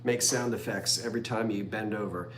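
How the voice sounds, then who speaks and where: A man's voice: fairly low pitch, steady tone, brisk, roomy sound, a little hiss or hum. A man in his fifties hosting a live online antique sale, rambling and joking as he reads out viewers' comments. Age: 50s. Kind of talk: chatty live-stream sales talk.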